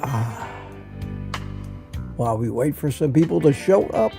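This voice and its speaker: A man's voice: medium pitch, lively intonation, measured pace, gravelly, over music. An older man hosting a casual morning livestream, musing and rambling, a bit out of breath, with sighs and restarts. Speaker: livestream host.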